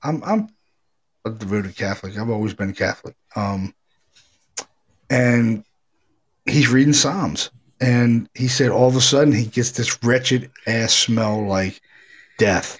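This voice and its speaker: A man's voice: medium pitch, takes it slowly, pauses often. A middle-aged man, a paranormal investigator, telling a ghost story in a casual, rambling way, swearing freely and acting out what people said. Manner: rambling, profane, animated retelling with acted quotes.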